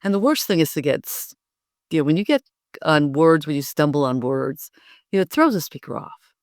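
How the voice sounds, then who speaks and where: A middle-aged woman coaching public speaking, lively and often laughing as she demonstrates. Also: low-pitched, a little fast, no echo, studio quality. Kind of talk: instructive interview talk.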